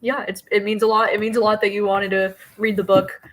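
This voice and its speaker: A woman's voice: medium pitch, flat delivery, fairly quick. Young woman hosting a book livestream, chatty, lots of likes, video call mic. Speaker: host. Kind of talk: casual book chat on a live stream.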